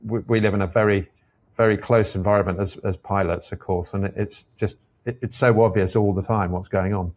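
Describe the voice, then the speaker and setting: A man with a low, deep voice speaks as a guest on an interview podcast. He is an airline captain and talks in a thoughtful, measured way, working through his ideas step by step. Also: fairly even intonation. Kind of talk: reflective conversational interview.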